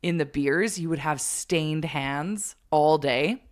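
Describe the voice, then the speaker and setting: Morning show co-host, woman, lower-pitched and smooth, playful teasing banter. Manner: teasing, quick-witted.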